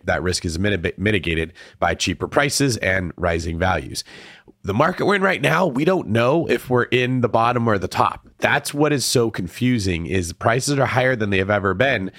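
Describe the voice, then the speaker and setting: A man calmly explaining his views in a casual conversation, using analogies. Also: low voice, no echo, studio quality.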